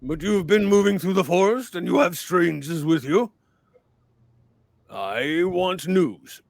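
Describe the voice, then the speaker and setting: A man voicing a huge, touchy old mountain spirit in a tabletop game, speaking in slow, drawn-out, thundering demands. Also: sits high, lively intonation, vocal fry, no room sound, pitched above the performer's own voice, full character voice. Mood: demanding.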